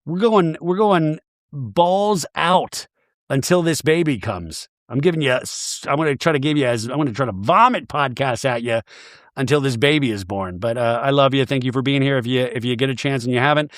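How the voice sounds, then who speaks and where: A man hosting a podcast, recapping TV in a chatty, animated, profane way into a close mic. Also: medium pitch, moderate pace, no echo. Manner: chatty, animated, swearing freely. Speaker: podcast host. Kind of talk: casual comedic TV recap.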